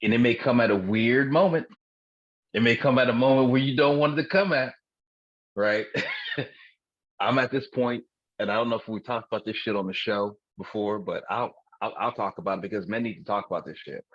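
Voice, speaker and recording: In a dull, dry lo-fi recording, a man in his forties co-hosts a podcast full of candid comedic chat. He's frank and profane and often laughs at his own jokes. His mid-range voice moves at a brisk clip.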